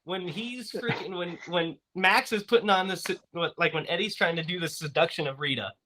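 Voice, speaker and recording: Male podcast host, slightly high and bright, loose and rambling delivery with lots of "um" and "like.". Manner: rambling, filler-heavy, quick to laugh. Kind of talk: casual movie-review chat.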